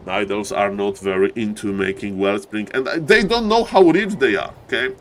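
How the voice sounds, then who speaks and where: A man casting a live strategy game, excitable, jumping to high yelps at big plays. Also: moderate pace, hardly any pauses, a little hiss or hum. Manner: keeps repeating "ladies and gentlemen". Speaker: esports caster.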